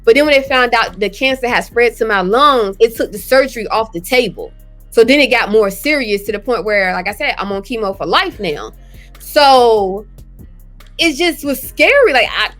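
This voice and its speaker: A woman's voice: a little high, animated, normal speed, fairly bright tone, soft background music. A woman guest in an interview, speaking candidly and conversationally about her own experience, often voicing her past thoughts aloud. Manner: earnest, conversational, drops into quoted thoughts. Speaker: guest, cancer survivor. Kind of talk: candid personal storytelling.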